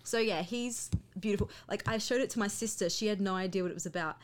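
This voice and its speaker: A woman's voice: mid-range voice, fast talker. A woman chatting casually about movies on a podcast, gushing and talking with many fillers.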